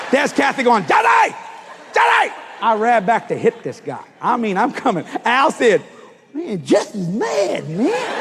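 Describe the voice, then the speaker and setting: A man preaching a sermon as a story, animated and often shouting as he acts out the dialogue. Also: sits high, vocal fry, noisy background. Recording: reverberant hall.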